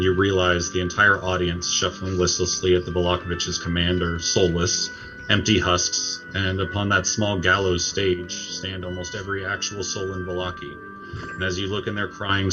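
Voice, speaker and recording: A man acting as game master, telling the scene in a measured way with occasional "uh" fillers. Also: deep voice, highs cut off. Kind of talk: narrating a tabletop game.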